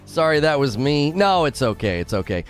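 A man streaming a game and chatting casually with his viewers, giggly and rambling, laughing often at his own jokes. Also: fairly high pitch. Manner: rambling, with many fillers and restarts. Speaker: game streamer talking to chat. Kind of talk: casual live-stream chat.

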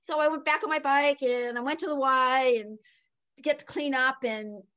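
An older woman telling a personal story in conversation, animated and laughing often, swinging between excited and hushed. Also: sits high, moderate pace. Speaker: guest.

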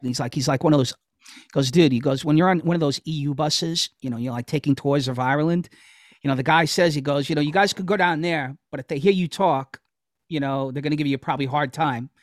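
A man's voice: a little high, fast, no room sound, clean studio sound. A man co-hosting a casual chat podcast, telling rambling stories with plenty of swearing. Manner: rambling storyteller, swears freely. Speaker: podcast co-host.

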